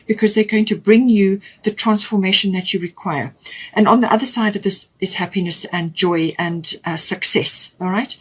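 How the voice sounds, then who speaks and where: A woman's voice: mid-range voice, breathy edge. A woman giving an unscripted tarot reading, talking with frequent fillers and restarts. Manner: hesitant, many fillers and restarts. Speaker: tarot reader.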